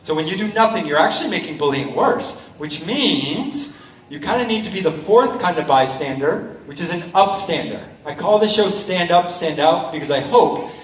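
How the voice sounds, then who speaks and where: A man's voice: fairly high pitch, lively intonation, normal speed, a little hiss or hum. A middle-aged man performing a school assembly show, upbeat and quizzing the young crowd. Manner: upbeat, quizzes the crowd, acts out quoted lines. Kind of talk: talking to a school audience. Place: school hall. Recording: echoey hall, from far off.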